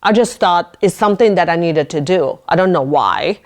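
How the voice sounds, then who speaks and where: Animated woman telling her own stories. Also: on the low side, moderate pace. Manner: animated storytelling, laughing often; acts out her own thoughts in a raised voice. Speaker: podcast host. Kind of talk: casual interview chat.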